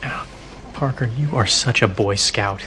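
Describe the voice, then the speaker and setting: A smug rival photographer. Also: male voice, medium pitch, unhurried. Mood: cocky. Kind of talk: film dialogue cut into a video remix. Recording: film audio under loud music.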